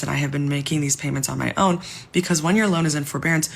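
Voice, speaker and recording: A woman's voice: sits low, quick pace, gravelly, slight background noise. A young woman telling her own story in a frustrated tone, explaining at length and sometimes dropping to a whisper. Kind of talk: personal testimony video.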